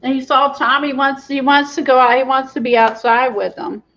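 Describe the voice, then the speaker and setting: A woman's voice: sits high, flat delivery, normal speed, fairly bright tone, dull audio. A woman hosting a craft livestream, chatting casually, laughing often and reading the live chat.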